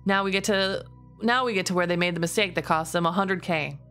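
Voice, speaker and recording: Streamer woman reading in a lowered voice. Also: fairly quick, bright, forceful tone, faint music behind. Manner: reads in a lower, steadier voice, laughs often. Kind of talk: reading posts aloud on a stream.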